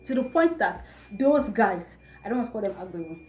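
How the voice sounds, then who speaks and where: A young woman with a Nigerian accent, telling a storytime vlog in an animated, exasperated way. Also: mid-range voice, a little fast. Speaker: vlogger. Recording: echoey room, faint music.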